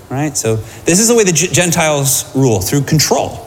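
A man preaching a sermon to a congregation, lively and conversational, often asking them questions. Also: fairly high pitch, moderate pace, hardly any pauses, a little hiss or hum. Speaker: pastor. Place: large church hall. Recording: hall reverb, faint room ambience.

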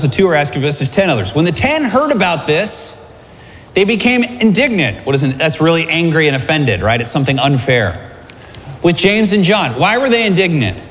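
A man preaching a sermon to a congregation, lively and conversational, often asking them questions. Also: a little high. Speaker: pastor. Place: large church hall. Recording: hall reverb, faint room ambience.

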